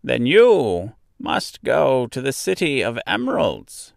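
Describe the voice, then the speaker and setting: A man voicing a kindly old woman who is a good witch, speaking slowly, gently and solemnly. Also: mid-range voice, huge pitch swings, creaky, dry recording, clean studio sound, exaggerated voice. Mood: gentle.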